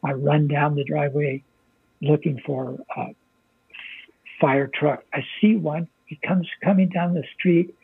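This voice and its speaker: Gravelly older man telling a story. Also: a little high, fairly even intonation, unhurried, no echo. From United States. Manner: plainspoken, vivid storyteller who swears freely. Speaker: guest, military veteran. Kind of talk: casual interview storytelling. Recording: dry, phone-like narrow sound.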